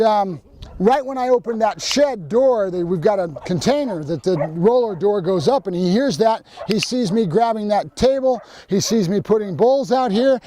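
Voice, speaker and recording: A man's voice: high-pitched, warm tone, slight background noise. A man, a professional dog trainer, explaining his training methods plainly and directly to viewers. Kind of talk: instructional training video.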